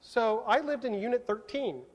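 Guy from southern california spinning a story on stage, higher voice, acts out the back-and-forth, big hall echo. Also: moderate pace. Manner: animated storyteller acting out dialogue with laughs. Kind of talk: storytelling talk. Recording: long reverb of a large hall.

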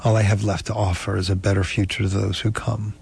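A man reading an audiobook, voicing a weak, wounded enslaved man who speaks slowly and deliberately. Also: fairly low pitch, little pitch movement, gravelly, darkish tone, slight background noise. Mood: earnest. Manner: slow, deliberate, halting. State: weak and parched. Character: dying enslaved man, defiant and resolute.

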